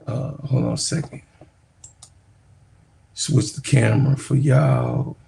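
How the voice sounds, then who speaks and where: A man's voice: mid-range voice, very animated, takes it slowly, gravelly, warm tone, a little hiss or hum. A man casually telling rambling stories to his viewers on a livestream, laughing often and calling them y'all. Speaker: sports YouTuber talking to viewers.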